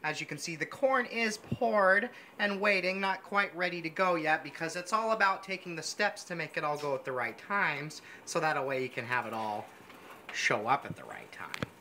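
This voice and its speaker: A man's voice: fairly high pitch, normal speed, pushed and bright. A man hosting a mock cooking show, gushing pompously over every dish as he works in a home kitchen. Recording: noisy kitchen sound.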